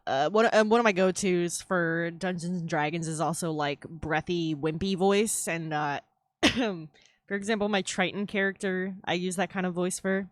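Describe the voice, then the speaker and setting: A woman's voice: on the low side, steady tone, normal speed, dry recording, studio quality. A woman chatting casually while drawing on a live stream, swearing freely and laughing easily. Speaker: streaming artist. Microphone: headset.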